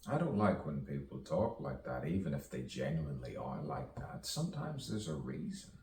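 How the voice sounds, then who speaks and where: A man's voice: very deep voice, very animated, normal speed, noisy background. A man delivering a rambling spoken-word soliloquy, musing to himself and repeating phrases. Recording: echoey, distant mic with faint ambience.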